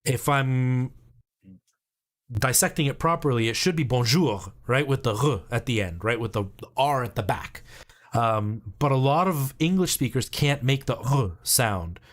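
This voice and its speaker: A man's voice: mid-range voice, animated, moderate pace. A man in his thirties from Canada, chatting casually on a live stream and explaining things in a rambling way, with lots of ums and likes. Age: 30s.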